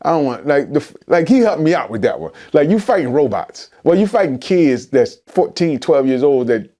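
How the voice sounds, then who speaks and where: Philly rapper guy telling a wild story, high voice, swings all over, lots of restarts. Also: normal speed. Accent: Philadelphia. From Philadelphia. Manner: animated, acts out quotes in shifting voices, many restarts. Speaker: rapper guest. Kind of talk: animated storytelling interview.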